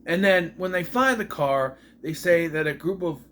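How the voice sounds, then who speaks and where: A man's voice: fairly high pitch, animated, normal speed, a bit bright, slight background noise. A man giving a casual, opinionated movie review, ranting with sarcastic and exasperated asides.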